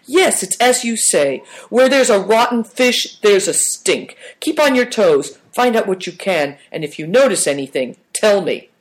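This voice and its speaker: A man reading aloud and voicing a gruff, hot-tempered male soldier who barks blunt orders. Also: sits high, sing-song, a little slow, few pauses, voice pushed up.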